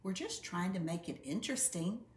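Woman doing an eager storybook boy cub, protesting, lively up-and-down voice, roomy echo. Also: lowish voice, normal speed, close to an everyday voice.

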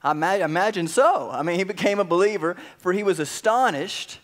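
High-voiced animated male preacher. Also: a little fast. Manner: casual, animated storytelling with slang. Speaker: pastor. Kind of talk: sermon.

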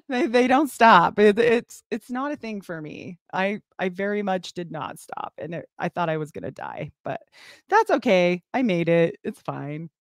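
Laughing woman in her forties, lowish voice. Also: no room sound, clean studio sound. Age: 40s. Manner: laughing, self-mocking storyteller. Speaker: podcast guest. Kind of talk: casual chat. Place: home, Utah.

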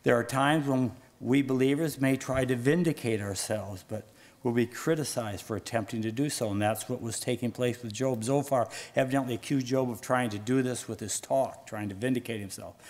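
A man's voice: moderate pace, darkish tone. Man preaching a sermon. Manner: rises in pitch and volume when reading scripture aloud. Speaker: pastor.

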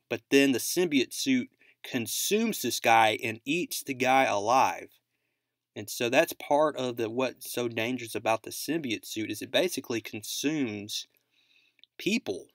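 A man's voice: medium pitch, a little slow, a bit bright, no echo. Guy rambling through a comic recap, basically-this like-that, mid voice, dead dry sound. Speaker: comic book recap host. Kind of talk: casual comic book recap narration.

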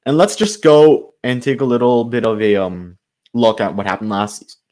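A man's voice: mid-range voice, normal speed, darkish tone. Male sports channel host, mid-range voice, exasperated improvised fan rant. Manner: frustrated, ranting, loosely improvised with fillers. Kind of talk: solo sports commentary rant.

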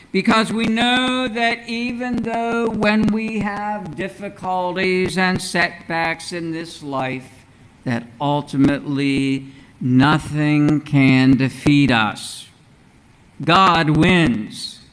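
A man preaching a sermon as pastor in a church, in a measured, earnest way with rhetorical questions. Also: fairly high pitch, fairly bright tone, slight background noise, rough recording. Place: church sanctuary.

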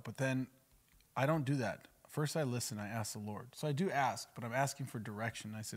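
A man's voice: medium pitch, fairly even intonation, fairly quick. A man, a pastor, teaching in an emphatic, conversational way on a podcast. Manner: emphatic, acts out spoken prayers.

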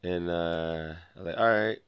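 A man's voice: low-pitched, moderate pace, clear, resonant tone, no room sound, dull audio. A young man vlogging, telling a rambling personal story full of restarts and acted-out dialogue. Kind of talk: casual storytelling to camera.

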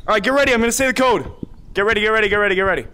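A man's voice: sits high, rapid-fire, sharp tone. A young man streaming a VR game live, joking and bantering goofily with other players through his headset mic.

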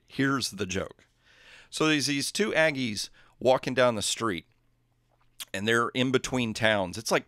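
A man hosting a livestream, telling a joke and chatting casually in a relaxed, rambling way. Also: mid-range voice, no echo, clean studio sound. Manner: relaxed, rambling, chuckling asides. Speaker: livestream host.

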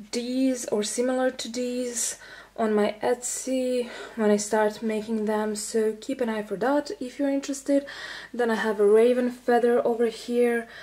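Slow-talking, breathless young woman vlogger. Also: on the high side, warm tone. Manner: unhurried, chatty, with frequent fillers. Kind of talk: casual show-and-tell.

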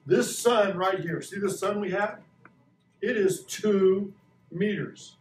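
A man's voice: sits high, slow pace, a little hiss or hum. A man in his sixties teaching a science lesson to a class, playful and quizzing the kids. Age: 60s. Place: school classroom. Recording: echoey classroom from far off.

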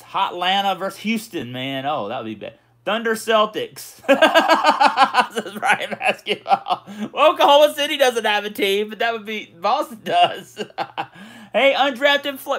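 A man's voice: fairly high pitch, a bit bright. Chatty man hosting a livestream. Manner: chatty, reads viewer comments aloud, says "y'all" and "man". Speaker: livestream host. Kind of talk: casual livestream chat.

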